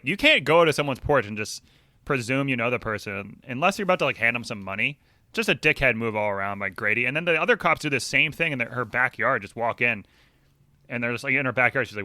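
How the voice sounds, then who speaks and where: A man's voice: medium pitch, sharp tone, no room sound, studio quality. A man co-hosting a book podcast in casual chat, blunt and profane with mock indignation. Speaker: podcast co-host.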